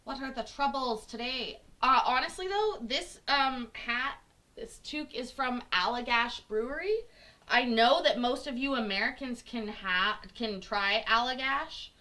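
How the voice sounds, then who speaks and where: A woman's voice: fairly high pitch, measured pace, bright, forceful tone. A young woman, born in Scotland, chatting casually as a host and poking fun at herself with a giggle. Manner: chatty, self-mocking, giggly. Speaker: host reacting to court videos. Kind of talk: casual chat.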